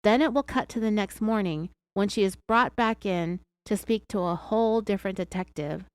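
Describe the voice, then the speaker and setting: A woman's voice: medium pitch, normal speed, clear, resonant tone, no room sound. A woman with an American accent hosting a true crime podcast, telling the story in a sarcastic, chatty way. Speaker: podcast host.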